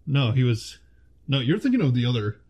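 A relaxed, mid-pitched man talking casually with a friend about old films. He chats loosely, laughs easily and stops to hunt for actors' names. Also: fairly quick, breathy edge. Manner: chatty, laughs often, searches for names aloud. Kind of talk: casual chat.

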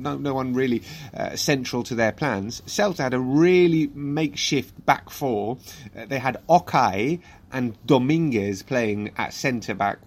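A man's voice: mid-range voice, creaky. A man co-hosting a football podcast, chatting casually and running through results and fixtures. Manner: chatty, lively, runs through results in quick rundowns. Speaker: podcast co-host.

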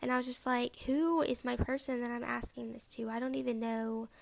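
Gravelly-voiced woman hosting a podcast. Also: a little high, steady tone. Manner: halting, many ums, openly emotional. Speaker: podcast host. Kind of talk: personal reflective podcast talk.

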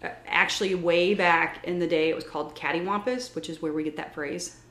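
A woman's voice: on the low side, fairly even intonation, a little fast, a bit bright. A woman hosting a casual podcast, chatting with her co-host and reading facts from her notes. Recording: echoey room.

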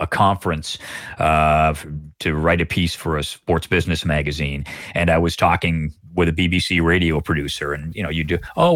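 A middle-aged Canadian man, a guest broadcaster, telling stories in a measured, reflective way during a podcast interview. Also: deep voice, fairly bright tone, no echo, studio quality.

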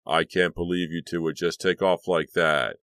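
A man's voice: sits low, fairly even intonation, moderate pace, sharp tone, no echo. Stern young band leader, scolding tone, close dry voice, man reading him.

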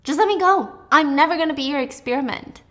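A frightened teenage girl held prisoner, upset and accusing as she talks back, played by a woman recapping a book. The voice sits a little high. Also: fast talker, sharp tone. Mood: angry.

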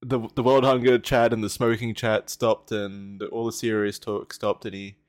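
A man's voice: lowish voice, level tone, normal speed. A man co-hosting a podcast, bluntly recapping a story and chuckling between lines. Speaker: podcast co-host. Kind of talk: casual comedic chat.

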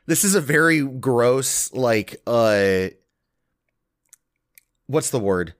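A man's voice: mid-range voice, expressive, extremely slow. A man co-hosting a podcast, talking in a laid-back, crude, rambling way. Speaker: podcast co-host. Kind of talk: casual chat.

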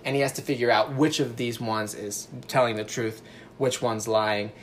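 A man's voice: medium pitch, steady tone, moderate pace, slight background noise. A young man casually describing his novel on a podcast, rambling with fillers and poking fun at himself. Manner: self-deprecating, rambling with fillers. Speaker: podcast co-host and author. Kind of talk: casual chat.

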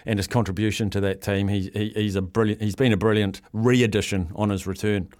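A man's voice: on the low side, steady tone, a little fast, a little mellow, no room sound, clean studio sound. A man hosting talkback radio, upbeat and chummy, laughing often. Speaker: radio host.

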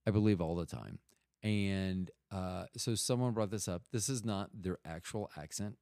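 A man's voice: low-pitched, normal speed, dark tone, dry recording, clean studio sound. A middle-aged man telling a rambling, profane story in casual talk, often cutting himself off. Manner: rambling, profane, self-interrupting.

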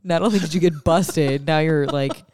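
A podcast co-host from the Pacific Northwest recounts strange news items in casual chat. The delivery is wry and deadpan, with jokes tossed in. The recording is dry, with no room sound. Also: mid-range voice, normal speed, no echo. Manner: wry, deadpan asides, jokey bits.

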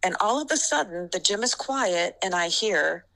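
A middle-aged woman, a basketball referee, telling animated stories in an interview and laughing often. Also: mid-range voice, normal speed, gravelly, poor audio. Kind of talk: storytelling interview.

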